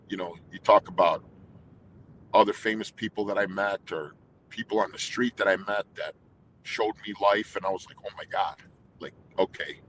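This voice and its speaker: A male anthem singer, interviewed as a guest, tells his story candidly and emotionally, rambling with many restarts and quoting his own inner dialogue. His mid-range voice is fairly bright, and the low-quality recording has a little hiss or hum.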